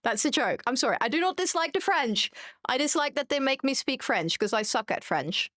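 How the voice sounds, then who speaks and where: A woman's voice: high voice, lively intonation, a little fast, fairly bright tone, dry recording. Chatty German woman streamer, dry close mic. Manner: chatty and self-mocking, reads chat aloud. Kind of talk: casual chat while gaming.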